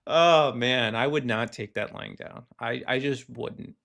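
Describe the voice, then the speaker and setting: A man hosting a casual solo show, ranting and telling work stories in an animated way, acting out the people he quotes. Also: mid-range voice, a little slow, creaky. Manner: animated storytelling, acts out quoted callers. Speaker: podcast host. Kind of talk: casual solo rant, reading posts aloud.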